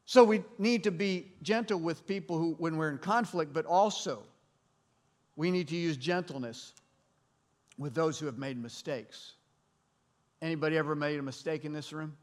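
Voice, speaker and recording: High-voiced man preaching a sermon. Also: moderate pace. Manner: conversational preaching with rhetorical questions to the congregation. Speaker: pastor. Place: church hall before a congregation.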